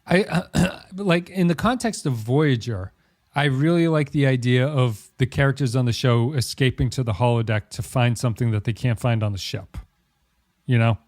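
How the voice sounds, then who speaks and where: Clean, dry studio sound carries a slightly mellow, mid-range male voice at a moderate pace. He's a podcast co-host chatting casually, rambling, restarting a lot, and laughing readily.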